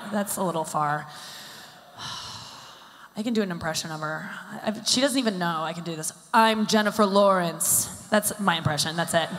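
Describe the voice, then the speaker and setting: A woman's voice: on the low side, a bit bright, a little hiss or hum. A woman in her thirties doing a live stand-up set, rambling and self-deprecating with lots of filler "like"s. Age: 30s. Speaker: stand-up comedian. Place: stage at a live summit event. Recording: echoey hall with long reverb.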